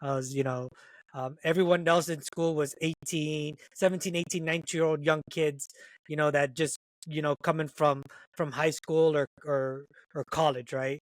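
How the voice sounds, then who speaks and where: A man co-hosts a casual podcast in a fairly high voice, musing aloud and checking that others follow. His sound is dry and close, with no room around it. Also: fairly even intonation, moderate pace, no echo, poor audio. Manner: reflective, checks in often with "right?". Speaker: podcast co-host, retired Navy corpsman.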